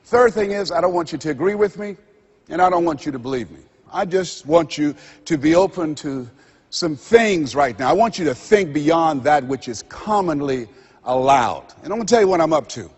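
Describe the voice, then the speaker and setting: Raspy motivational speaker in a reverberant hall. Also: male voice, on the high side, animated, a little mellow, dull audio. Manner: preacher-like, dramatic pauses, repeats phrases. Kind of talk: motivational seminar speech. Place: seminar hall before a live audience. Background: audience laughter.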